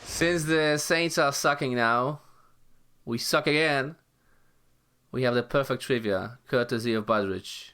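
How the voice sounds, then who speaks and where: A man's voice: medium pitch, a little slow, pushed and bright, smooth. A man co-hosting a podcast, dry and teasing as he reads trivia. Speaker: podcast co-host.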